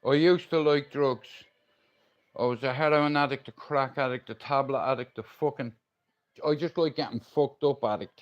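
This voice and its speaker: A man's voice: a little high, lo-fi sound. A middle-aged man, ranting and swearing on a livestream. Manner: confrontational, swearing, threatening.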